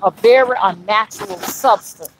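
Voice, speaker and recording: A woman's voice: mid-range voice, normal speed, a little hiss or hum. A middle-aged woman hosting a casual spiritual live stream outdoors by a dusty street, rambling, greeting viewers by name and talking in folksy slang. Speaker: spiritual livestream host.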